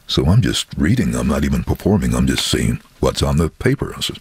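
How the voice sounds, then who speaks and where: A middle-aged man with a very deep, booming voice, telling stories in an interview in an animated, chuckling way. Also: a little fast, few pauses, husky, no room sound. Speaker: voice-over artist, interviewee. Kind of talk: casual storytelling in an interview.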